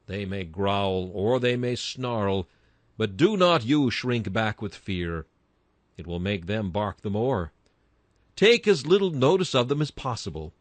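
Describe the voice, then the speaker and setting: A man's voice: lowish voice, big pitch swings, a little slow, dry recording. A man reading a Victorian sermon aloud in an emphatic style that rises to bursts of fervor. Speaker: sermon reader.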